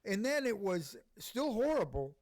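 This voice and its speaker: A man with a notably high voice, trading takes on a bad movie in casual chat. He answers with dry, sardonic jokes and talks over his co-host. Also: very animated, unhurried, a little mellow. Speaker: podcast movie reviewer.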